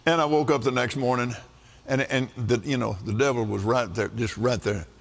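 An older man preaching a sermon, telling a folksy story with frequent laughter in an animated way. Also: medium pitch, moderate pace, vocal fry. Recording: echoey hall.

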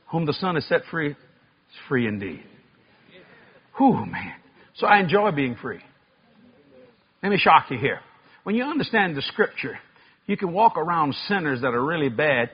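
A man preaching a sermon, telling funny stories with loud, animated bursts of shouting. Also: a little high, highs cut off, slight background noise. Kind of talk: sermon with comic storytelling.

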